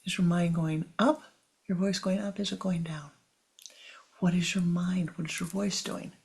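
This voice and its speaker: A spiritual teacher giving a slow, meditative talk, often repeating phrases and dropping into soft, whispery stretches. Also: mid-range voice, fairly even intonation, vocal fry.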